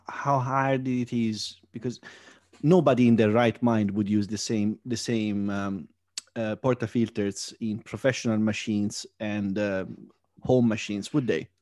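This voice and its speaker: A man with a mid-pitched voice, recorded close and dry, chatting casually on a podcast. He slips in teasing jokes and quick asides to his co-host. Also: darkish tone, dry recording. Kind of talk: casual chat.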